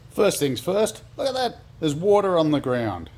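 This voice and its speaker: An Australian custom car builder talks through his truck build in a home workshop shed, laid-back, rambling and self-deprecating in this casual vlog. His voice is fairly high, very animated and a little mellow, at normal speed.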